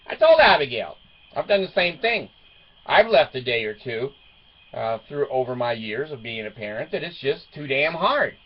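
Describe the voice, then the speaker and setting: A man's voice: fairly high pitch, dull audio. An older man telling a rambling, joking story in a casual monologue, laughing often. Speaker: vlogger.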